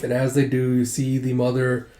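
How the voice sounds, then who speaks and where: A man's voice: medium pitch, monotone, moderate pace, dark tone. A man casually narrating a comic readthrough, chatty and full of asides. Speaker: comic reader. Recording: roomy echo.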